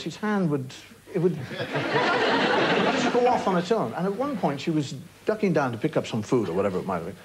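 An Irish man in his fifties spins funny anecdotes on a television chat show, his voice bouncing up and down. Loud tape hiss runs under an old broadcast recording. He acts out the punchlines with wry timing. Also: a little high. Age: 50s. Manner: animated anecdotes with wry asides, acting out punchlines. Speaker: talk show guest. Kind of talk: comic storytelling on a chat show. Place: TV studio before an audience. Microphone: studio broadcast mic.

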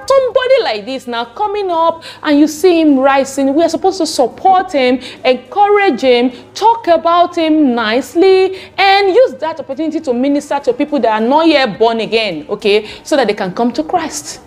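A woman's voice: high voice, lively intonation, moderate pace. A woman from Nigeria hosting a channel, talking chattily to viewers and repeating "okay" often. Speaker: channel host. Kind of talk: casual vlog commentary.

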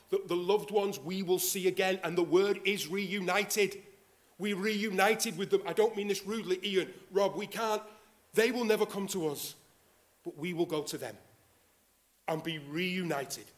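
A man preaching a sermon in a church, earnest and animated, rising for emphasis and dropping low for quiet asides. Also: moderate pace. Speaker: pastor.

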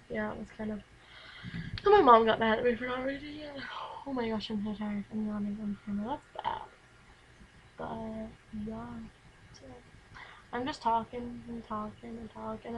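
A teenage girl vlogs from her bedroom, rambling chattily and filling her talk with "like." Her voice is a little high, captured on a camera mic with lo-fi sound and a bit of hiss or hum.

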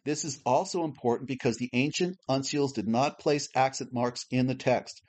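Man, Bible teacher, measured explanatory delivery, scripted lesson, mid-pitched voice. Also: darkish tone. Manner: measured, explanatory, spells out Greek letters slowly.

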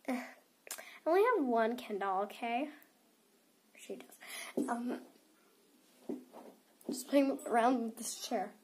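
Talking to the camera as she opens toys, a teenage vlogger with a stuffy nose giggles and rambles, saying "like" a lot. She speaks slowly with frequent pauses, in a high-ish, slightly rough voice.

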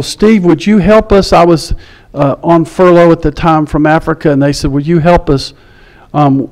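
A male pastor telling a personal story in a sermon, conversational, dropping to a hush at quiet moments. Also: fairly high pitch.

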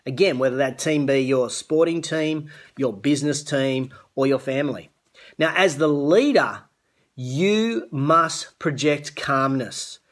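A middle-aged man with an Australian accent delivers an earnest motivational talk to camera. His voice sits somewhat high for a man, and he talks like a coach urging his listeners. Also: unhurried. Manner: earnest, coaching, greets viewers by name. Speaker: host of a business show. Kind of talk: live-streamed motivational talk.

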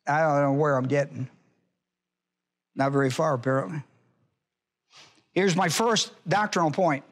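A man preaching a sermon in church in a folksy way, hollering at times and then dropping low, and acting out quoted voices. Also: a bit bright. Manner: acts out quoted voices in a high pitch. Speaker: pastor.

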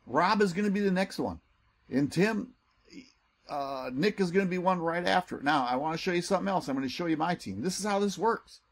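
A man giving an excitable, salesy screen-share walkthrough as a network marketing recruiter. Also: fairly quick. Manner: excitable and salesy, pitch jumps when enthused.

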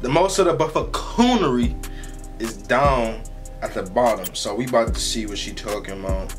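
A man's voice: mid-range voice, normal speed, soft background music. Slangy young man hosting a reaction vlog. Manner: slangy, animated, rambling with filler. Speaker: reaction video host.

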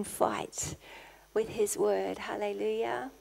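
A middle-aged woman, a guest pastor, preaching a sermon in church, rising to loud, passionate exclamations. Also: on the high side, a little slow, vocal fry.

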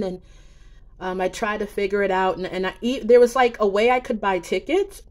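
Woman vlogging psychic predictions, rambly, lots of ums and restarts, medium pitch. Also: fairly even intonation. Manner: rambling, drawn-out, many fillers and restarts. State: emotional, near tears. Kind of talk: casual talking-head predictions.

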